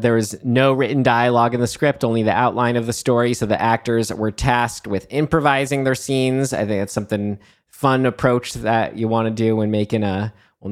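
A man hosting a podcast, chatting casually, often correcting himself as he steers the talk. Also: lowish voice. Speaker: podcast host. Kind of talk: casual chat.

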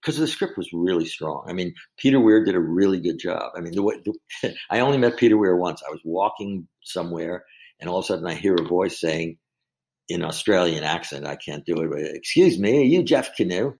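A man's voice: deep voice, a little fast, creaky, darkish tone. A middle-aged man, a podcast guest, telling candid self-deprecating stories in casual chat. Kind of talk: casual storytelling.

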